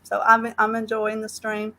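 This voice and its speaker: A woman's voice: on the high side, monotone, pushed and bright, poor audio. A woman with a Southern accent calling in to a live stream, talking earnestly with lots of fillers and restarts. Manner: earnest, halting with many fillers. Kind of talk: casual call-in chat.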